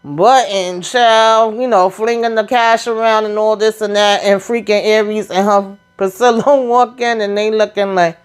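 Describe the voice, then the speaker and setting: A woman hosting a casual reality TV recap, animated and sassy, acting out what the cast members said. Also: medium pitch, measured pace, few pauses, smooth, faint music behind.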